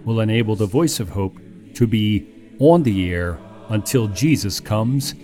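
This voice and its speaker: A man who teaches on a Christian radio program, reading the closing announcements calmly and steadily. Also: fairly low pitch, measured pace. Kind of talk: scripted program sign-off.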